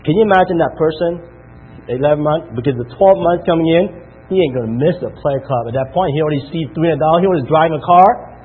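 Husky, fairly high male speaker firing questions at a sales crowd, tinny phone-like audio. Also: fast talker. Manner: peppers the room with questions; counts out loud. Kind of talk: motivational talk to an audience.

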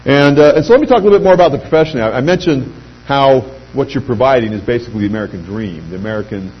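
A middle-aged man giving an anecdotal pitch speech to a live audience, telling lively stories and acting out quoted voices. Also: rapid-fire. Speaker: speaker addressing a sales audience. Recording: dull lo-fi recording with faint hum.

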